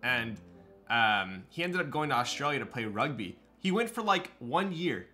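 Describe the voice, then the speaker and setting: A man's voice: mid-range voice, sing-song, normal speed, pushed and bright, soft background music. A man chatting casually on a live stream, answering his viewers' questions as they come in. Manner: chatty, loose, reads and answers chat.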